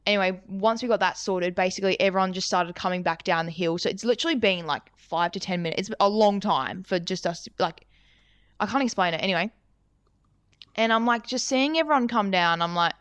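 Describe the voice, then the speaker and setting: A woman's voice: on the low side, a little fast, a bit bright, clear, resonant tone, no room sound. A young woman co-hosting a podcast, telling a story in a rambling, casual way, swearing often and saying "like" constantly. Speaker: podcast co-host.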